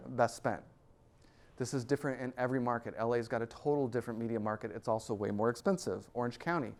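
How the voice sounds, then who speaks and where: Joking man giving a talk. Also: medium pitch. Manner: energetic and joking, laughs between points. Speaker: guest speaker at an investor club. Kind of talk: live presentation to an audience.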